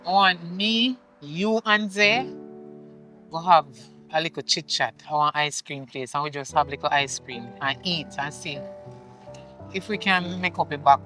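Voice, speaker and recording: Remorseful mother, Jamaican accent, pleading patois, bright tense tone, faint music behind. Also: low-pitched, a little slow, low-quality recording. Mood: gentle. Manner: pleading, apologetic, speaks in patois. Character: remorseful mother apologizing to her grown daughter. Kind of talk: film acting.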